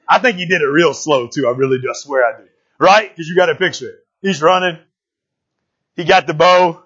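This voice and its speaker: A man's voice: on the high side, expressive, quick pace, fairly bright tone, breathy edge. A man preaching through a Bible passage, retelling the story in slangy, joking asides. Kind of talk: casual sermon storytelling. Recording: dull lo-fi recording.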